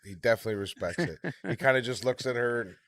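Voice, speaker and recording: A man's voice: mid-range voice, fast, fairly bright tone, dry recording. A man playing a tabletop game, laid-back and joking. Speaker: player. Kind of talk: tabletop role-play chat.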